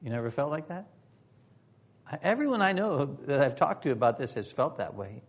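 A man's voice: medium pitch, sing-song, normal speed, breathy edge. A man preaching a sermon as pastor, earnest and emphatic, with occasional joking asides.

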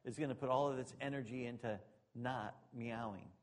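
A male pastor preaching a sermon, moving between loud emphatic preaching and quiet, joking asides to the congregation. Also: medium pitch, fairly even intonation, a little fast.

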